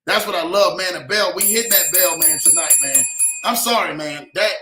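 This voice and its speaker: A young man hosting a livestream, giving heartfelt motivational talk with lots of "man" and "y'all" and reading shout-outs to his chat. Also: sits high, moderate pace, roomy sound, over music, poor audio. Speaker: livestream host.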